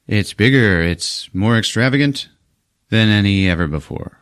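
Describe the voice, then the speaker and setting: A podcast host casually retells a movie's plot with profanity, leaping into silly voices for the characters. His fairly low voice is expressive and a bit bright, unhurried, with long pauses.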